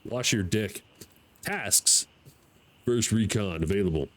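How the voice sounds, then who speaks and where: An American man streaming a game live, talking to himself, excitable and swearing freely. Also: on the low side, normal speed, long pauses, rough recording. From United States. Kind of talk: live gameplay commentary.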